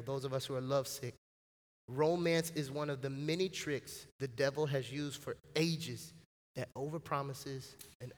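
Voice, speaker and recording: A man preaching as pastor, lively and casual with slang and acted-out quotes. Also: fairly high pitch. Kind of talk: sermon. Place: church sanctuary. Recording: church hall reverb.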